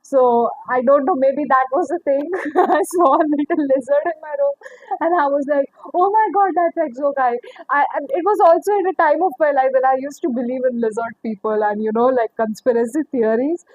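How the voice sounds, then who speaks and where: High-voiced woman rambling through a tarot reading. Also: a little fast, darkish tone, no room sound, lo-fi sound. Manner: rambling, laughs often, swears casually. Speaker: tarot reader. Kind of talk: casual tarot reading monologue.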